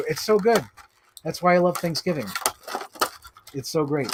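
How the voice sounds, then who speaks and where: A man chatting casually on a live stream about his toy collection, excitable and rambling, swearing freely. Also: a little high, normal speed, very noisy.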